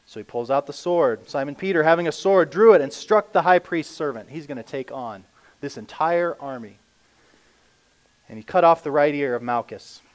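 A man preaching a conversational sermon, reading scripture aloud and swinging between emphatic and hushed delivery. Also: on the high side, moderate pace. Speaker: pastor.

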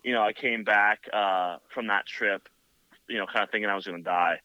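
Bright-voiced man rambling through a story. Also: fairly low pitch, steady tone, brisk, no room sound. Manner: rambling, filler-heavy with many "like" and "you know". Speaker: motorcycle builder guest. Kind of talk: casual storytelling on a podcast. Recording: dull lo-fi, dry sound.

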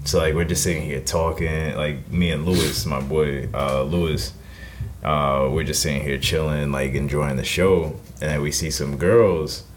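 A man's voice: extremely low pitch, steady tone, normal speed, slight background noise. A man co-hosting a casual podcast, telling a rambling story in a laid-back way, full of "like" fillers. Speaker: podcast co-host. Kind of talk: casual chat.

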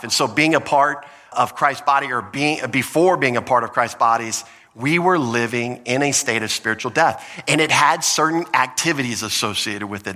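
A man's voice: mid-range voice, bright, forceful tone, long reverb tail. A man preaching a sermon as pastor, earnest and teaching, often restarting his phrases.

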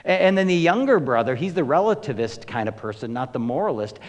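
A man preaching in a sermon, storytelling with emphatic swings between loud passages and near-hushed ones. His voice sits at an ordinary middle pitch. The sound rings with the long reverb of a large hall. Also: very animated, fast. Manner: emphatic storytelling, rises and drops in volume. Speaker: pastor.

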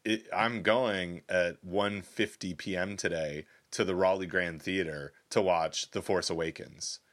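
A man's voice: low voice, steady tone, a little slow, a bit bright, dry recording. A man co-hosting a podcast from his home office, chatting playfully and rambling with jokes. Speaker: podcast co-host. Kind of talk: casual chat. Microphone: held close to the mouth.

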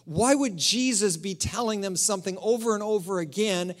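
A man preaches a sermon from the pulpit, his voice sitting a little high. He speaks with lively energy, then drops to near-whispers to drive key phrases home. He comes across as a church pastor addressing his congregation on a stage microphone. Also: normal speed. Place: church sanctuary.

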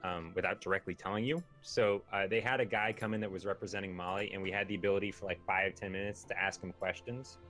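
A man's voice: sits low, fairly even intonation, fast, few pauses, a bit bright, soft background music. A young man chatting as a guest, talking loosely with lots of filler words. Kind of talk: casual chat.

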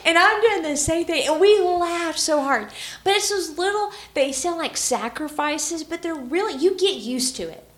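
A woman's voice: very high-pitched, lively intonation, normal speed, a bit bright, reverberant. A woman telling stories in a casual chat about relationships, laughing often as she talks. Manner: chatty storyteller, laughs often.

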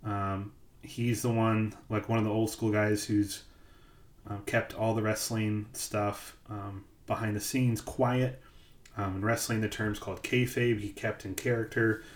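A man's voice: on the low side, little pitch movement, unhurried, reverberant. A man co-hosting a podcast, telling stories in casual chat with lots of ums and likes. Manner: rambling storyteller, many ums and likes. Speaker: podcast co-host.

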